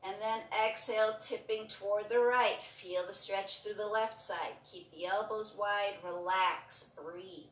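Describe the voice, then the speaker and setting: A woman leading a breathing and stretching class, giving calm, encouraging cues and repeating them often. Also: medium pitch, measured pace, few pauses, distant mic, a little hiss or hum. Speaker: breathing and movement instructor. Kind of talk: guided exercise instruction. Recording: roomy sound from off the mic.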